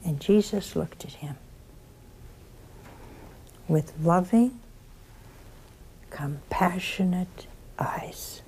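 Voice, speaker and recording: A woman with a Southern accent preaching a sermon, telling the story slowly and animatedly, dropping at times to a soft whisper. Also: fairly low pitch, slight background noise.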